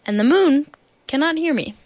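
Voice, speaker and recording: A woman voicing a cheerful, eager young male bear in a storybook read-aloud, in a bright, raised voice. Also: high-pitched, lively intonation, moderate pace, pitched above the performer's own voice.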